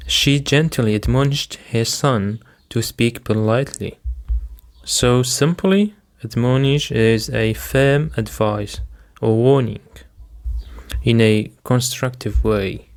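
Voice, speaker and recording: A man teaching vocabulary as a second-language speaker, repeating each word and walking through its stress, meaning, synonyms and example sentences step by step. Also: medium pitch. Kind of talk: slow, methodical vocabulary lesson.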